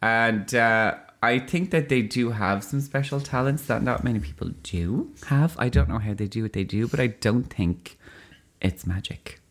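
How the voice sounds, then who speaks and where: A man's voice: mid-range voice, normal speed, a bit bright. An Irish man co-hosting a podcast, chatting casually in a wry, skeptical, joking way. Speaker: podcast co-host. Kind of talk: casual chat.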